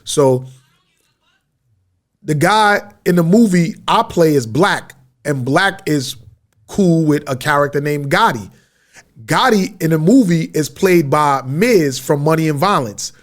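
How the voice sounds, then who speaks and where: A man's voice: fairly high pitch, expressive, slow. A man hosting his podcast in a media studio, telling a rambling story in slang-heavy street talk. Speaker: podcast host. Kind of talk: casual storytelling monologue.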